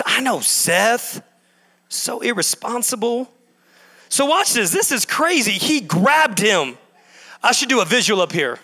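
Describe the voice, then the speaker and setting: High, bright-voiced man preaching. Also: big pitch swings, unhurried, long reverb tail. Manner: emphatic and repetitive, building in bursts. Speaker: pastor. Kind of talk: sermon. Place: church sanctuary.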